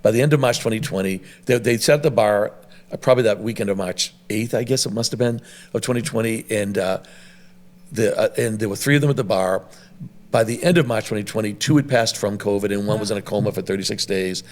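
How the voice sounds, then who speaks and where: Fast-talking man telling rambling stories. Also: on the low side. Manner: rambling, animated storyteller with many restarts. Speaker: restaurant owner and guest. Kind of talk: conversational podcast storytelling.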